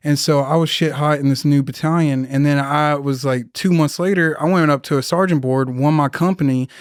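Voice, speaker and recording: A man's voice: a little high, clean tone, no echo, clean studio sound. A man in his thirties, a Marine veteran guest on a podcast, telling rambling, profane war stories and acting out the people he quotes. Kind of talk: casual storytelling interview.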